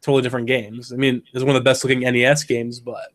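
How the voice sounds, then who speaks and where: A man's voice: mid-range voice, little pitch movement, rapid-fire, a bit bright. A man co-hosting a casual podcast, with a nasal, congested voice because he is sick. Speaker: podcast co-host. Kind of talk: casual chat.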